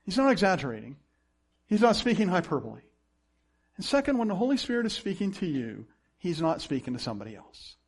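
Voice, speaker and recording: A man preaching from the pulpit with a lively, swooping delivery. His voice sits high for a man. He acts out the people in his stories and breaks into a chuckle now and then, then drops low and quiet to press a point home. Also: fairly quick, husky. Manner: animated preaching with acted-out quotes and chuckles. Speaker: pastor. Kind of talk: sermon.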